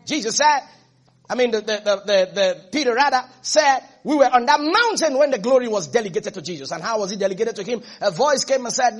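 Male pastor, high husky voice, fervent sermon delivery with repeated refrains. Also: lively intonation, a little fast, soft background music. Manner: preaching with rising fervor and repetition, calls to congregation.

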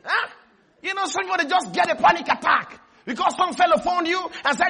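A man preaching an animated sermon, shouting and laughing as he calls for amens. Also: very high-pitched, moderate pace. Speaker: pastor.

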